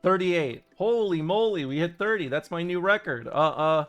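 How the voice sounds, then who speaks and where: A male streamer talks casually while he plays, reacting to chat with swearing and disbelief. His voice sits a little higher than most men's. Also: animated, moderate pace, hardly any pauses, fairly bright tone, soft background music. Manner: profane, incredulous, joking. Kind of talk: casual gameplay commentary.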